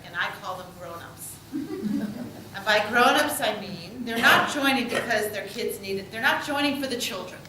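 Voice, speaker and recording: A woman's voice: mid-range voice, noisy background. Rabbi woman leading a group, echoey room. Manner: warm, affirming, lightly joking. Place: synagogue meeting room. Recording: echoey room picked up from far off.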